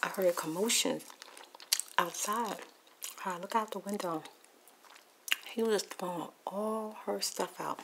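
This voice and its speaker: A woman's voice: medium pitch, takes it slowly, gravelly, pauses often, background noise. A woman whispering a rambling ASMR storytime while eating popcorn, with crunching clicks in the background. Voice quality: mostly whispered, soft-spoken. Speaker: ASMR YouTuber.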